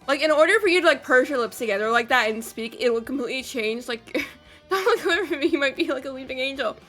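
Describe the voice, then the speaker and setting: A woman's voice: high-pitched, quick pace, fairly bright tone, faint music behind. A woman streamer giving casual, rambling and profane commentary while playing a game. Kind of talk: casual let's-play commentary.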